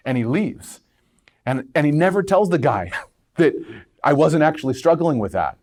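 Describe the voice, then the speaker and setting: A man telling stories in a relaxed conversation, acting out quoted lines and laughing often. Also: mid-range voice, moderate pace. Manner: animated storyteller, acts out quotes, laughs often. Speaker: guest minister. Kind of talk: casual conversation, storytelling.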